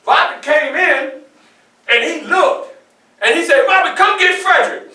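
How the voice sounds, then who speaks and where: Man portraying frederick douglass, very high voice, shouting, animated storytelling. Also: unhurried, recorded from a distance, full character voice. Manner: animated, often shouting, audience call-and-response. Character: Frederick Douglass, a defiant young man escaping slavery. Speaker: historical portrayer. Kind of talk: first-person storytelling performance. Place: public library event room. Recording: echoey room, mic from afar.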